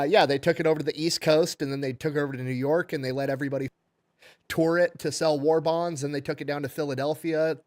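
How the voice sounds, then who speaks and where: A man's voice: mid-range voice, no room sound. A man casually telling a story, acting out the lines of the people in it. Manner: animated, acts out quoted lines.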